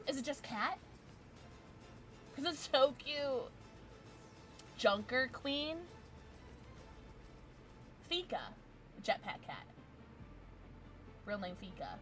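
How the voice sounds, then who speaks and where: A woman streamer chatting casually while playing, giggly and chatty, quickly excited. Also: medium pitch, faint music behind. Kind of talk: casual gaming livestream chat.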